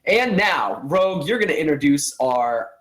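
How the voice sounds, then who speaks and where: A man's voice: fairly high pitch, very animated, normal speed, background noise. A man hosting a casual live-streamed show, upbeat and eager as he hypes upcoming matchups. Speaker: show host.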